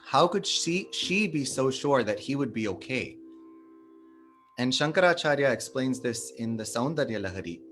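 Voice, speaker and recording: Male devotional speaker, mid-range voice, measured storytelling delivery, soft music in the background. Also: medium pitch, expressive. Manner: measured, explanatory, stresses sacred names. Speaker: satsang speaker.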